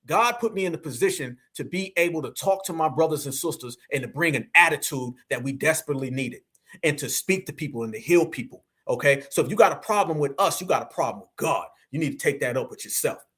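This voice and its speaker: A man's voice: fairly high pitch, expressive, quick pace, a bit bright. An American man hosting a livestream, speaking as an activist in a preachy, rallying monologue that keeps calling his viewers family. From United States. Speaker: host and activist.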